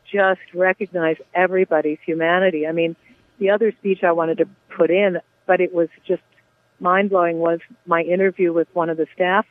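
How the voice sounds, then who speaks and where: A woman playwright chats eagerly about her theater work as an interview guest. She talks in a relaxed, enthusiastic run. Her voice comes over a narrow, tinny phone line. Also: on the low side, no room sound. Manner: warm, enthusiastic, chatty with frequent yeahs. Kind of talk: casual interview talk.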